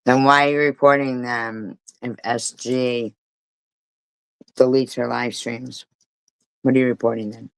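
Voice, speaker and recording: A woman's voice: a bass voice, flat delivery, a little slow, gravelly, pauses often, clear, resonant tone, no room sound. Woman, live streamer, heated profane rant, repetitive, dry close sound.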